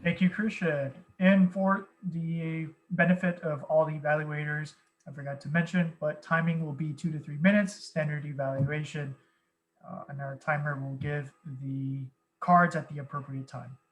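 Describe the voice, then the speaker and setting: A man acting as toastmaster, briskly introducing speakers and explaining timing at an online club meeting. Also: fairly high pitch, fairly even intonation, poor audio.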